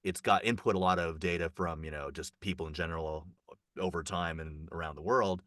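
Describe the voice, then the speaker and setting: A man reporting casually on a film festival, rambling with fillers and restarts and jumping up in pitch when excited. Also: fairly quick, no room sound, studio quality.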